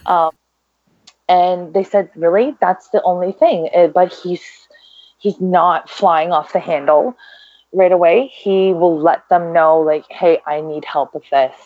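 A woman's voice: lowish voice, measured pace, dry recording, highs cut off. A woman talking as a guest, chatty and upbeat with lots of fillers. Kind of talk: casual chat.

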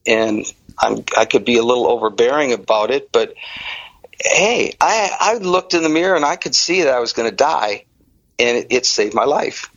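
An energetic middle-aged man from the Detroit area tells his own story to an interviewer, lively and emphatic. The recording is dry, with no room sound, and the sound is a little dull and muffled. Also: mid-range voice, normal speed, dry recording. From Detroit area, Michigan. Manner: animated, energetic storyteller who acts out dialogue. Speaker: interview guest. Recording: dry, slightly muffled audio.

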